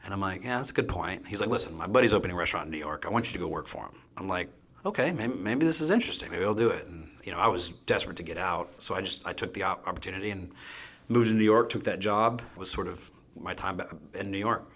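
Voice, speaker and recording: A man's voice: deep voice, fast, a bit bright. A man in his thirties, a chef being interviewed, talking casually and rambling with many fillers. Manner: rambling, frequent "you know" fillers. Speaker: chef guest.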